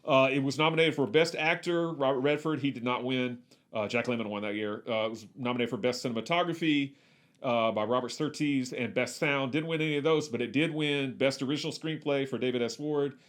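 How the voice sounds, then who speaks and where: A man's voice: mid-range voice, fairly even intonation, fairly quick. A man co-hosting a movie podcast, talking casually and enthusiastically, rattling off trivia with lots of "uh" fillers. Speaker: podcast co-host.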